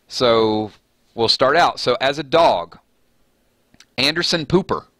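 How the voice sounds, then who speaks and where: A man's voice: medium pitch, bright, forceful tone, dry recording. A man hosting a casual live chat stream, rambling and laughing at his own jokes.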